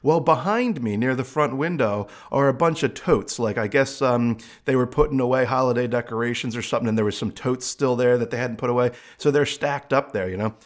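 A man's voice: mid-range voice, fairly quick, hardly any pauses. A middle-aged man, a psychic medium, casually telling funny stories from his work, laughing often and acting out the voices of people and pets. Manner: animated, laughing, acts out quoted voices. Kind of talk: casual storytelling monologue.

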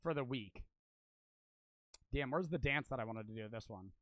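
A man's voice: medium pitch, animated, normal speed, fairly bright tone. A young man livestreaming for charity, casually thanking donors one after another, cursing constantly and a little out of breath.

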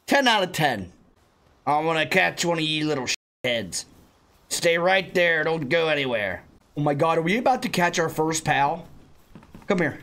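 A young man giving excited, jokey let's-play commentary, often bursting into shouts. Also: sits high, moderate pace, long pauses. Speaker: gaming YouTuber playing a creature-catching game.

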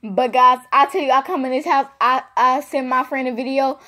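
A woman's voice: high voice, a little fast, slight background noise. A woman vlogger telling a casual storytime to her viewers, rambling and repeating phrases for emphasis. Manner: animated, speaks to viewers directly.

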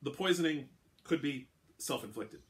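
A man's voice: mid-range voice, animated, moderate pace, pitched above the performer's own voice, natural voice. A man voicing a formal, carefully polite male guard lieutenant in a fantasy crime story. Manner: formal, precise.

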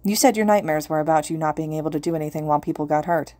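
A woman's voice: deep voice, rapid-fire, warm tone, no room sound, close to an everyday voice. Woman doing a curt, defensive teen boy. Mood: gruff. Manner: curt, rude. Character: gruff, defensive teenage boy.

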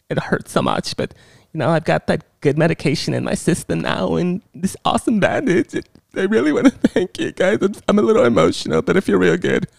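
A man's voice: medium pitch, vocal fry, no room sound, studio quality. A man voicing a bubbly, dim young woman patient in a gushing, breathless, girlish way.

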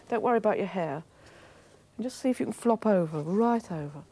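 A woman's voice: medium pitch, dark tone. A woman voice coach leading a workshop on a TV studio stage, coaxing the audience through exercises.

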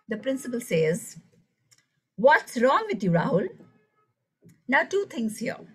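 A woman's voice: on the high side, husky, rough recording. A woman leading an online teacher workshop, telling a story and asking the audience questions over a video call. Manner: engaging, animated, asks the audience questions. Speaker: teacher trainer.

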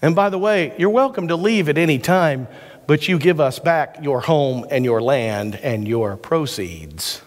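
A man's voice: fairly high pitch, lively intonation. A man pastor giving a sermon, mixing scripture with folksy stories and jokes. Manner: folksy storytelling with quick jokes. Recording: church hall reverb.

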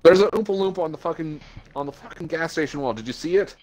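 A man's voice: a little high, expressive, fast, faint music behind. A man joking, swearing and taunting while gaming with a friend over a headset. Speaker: gaming teammate. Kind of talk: casual gaming banter. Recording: loud game noise behind voice.

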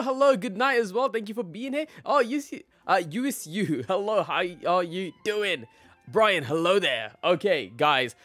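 A young man live-streaming a game, casually greeting his chat by name and laughing often. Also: a little high.

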